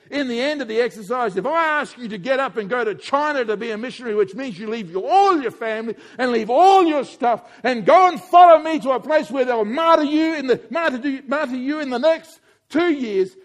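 A man preaching a sermon in a church, animated and playful, often putting questions to the congregation. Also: extremely high pitch, fairly quick, hardly any pauses.

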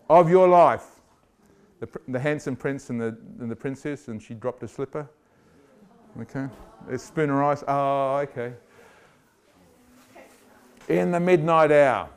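A man preaching a lively sermon, joking and acting out voices and scenes for the congregation. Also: on the high side, a little slow, long pauses, smooth. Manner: animated, jokey, acts out voices.

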